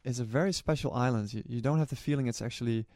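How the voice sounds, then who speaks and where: A man's voice: medium pitch, quick pace, a little mellow, no echo, studio quality. A man, a relay runner and organizer, recalls his experiences in an earnest storytelling way, often restarting his sentences. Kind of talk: personal recollection to camera.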